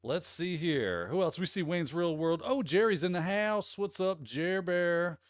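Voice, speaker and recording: A man's voice: high voice, animated, a little slow, no echo, studio quality. Upbeat man hosting a live chat. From Midwest US. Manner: upbeat, rambling, greeting viewers by name. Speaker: host. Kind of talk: casual livestream chat.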